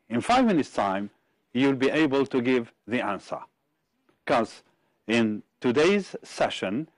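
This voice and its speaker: Slow, deliberate man teaching English. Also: medium pitch, no room sound. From Algeria. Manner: slow, deliberate word-by-word reading. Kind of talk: televised exam-prep lesson.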